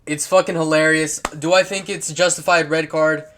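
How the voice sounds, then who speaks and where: A man with a slightly higher voice talks over football clips in a loose, rambling way. He swears freely, laughs at what he sees, and keeps restarting his sentences with fillers. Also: fairly even intonation, moderate pace, fairly bright tone, slight background noise. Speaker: football commentary vlogger.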